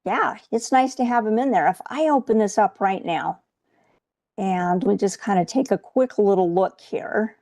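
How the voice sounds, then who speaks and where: A woman's voice: mid-range voice, normal speed, a little mellow. A woman coaching viewers through a live trading webcast in a chatty way, often checking in with "okay?".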